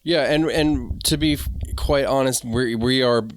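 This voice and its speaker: A man's voice: medium pitch, unhurried, no room sound, studio quality. A man co-hosting a gardening podcast, joking around while steering the conversation in loose phrasing. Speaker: podcast co-host. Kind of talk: casual gardening chat.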